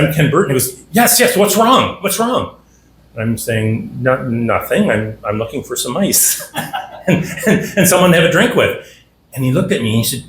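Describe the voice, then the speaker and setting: A middle-aged man from Canada tells a humorous story at a dinner, with a folksy, easygoing delivery. His voice has an ordinary mid-range pitch. It echoes around a banquet room over a faint murmur of ambience. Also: a bit bright, slight background noise. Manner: folksy, humorous, acts out the people in his stories. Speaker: after-dinner guest speaker. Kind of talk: anecdotal storytelling speech. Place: dinner hall.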